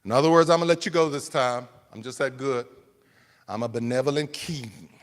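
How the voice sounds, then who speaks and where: A man's voice: medium pitch, a little fast, big-room sound, natural voice. A man voicing a proud, angry ancient king who demands to know why he is being defied. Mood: condescending. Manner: indignant, demanding, self-pitying questions.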